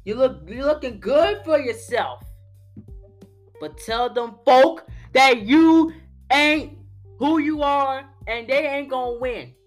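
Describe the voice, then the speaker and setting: A man's voice: very high-pitched, slow pace, faint music behind. A man voicing an angry, betrayed longtime male fan who scolds and rants in slang. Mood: ominous. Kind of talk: reading an email aloud in character.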